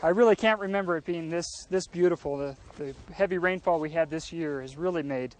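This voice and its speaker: A man with a fairly high voice guides a visitor through a mountain forest outdoors. He explains patiently and kindly. He often affirms what he is asked before he goes on. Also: a little fast. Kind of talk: explaining to an interviewer.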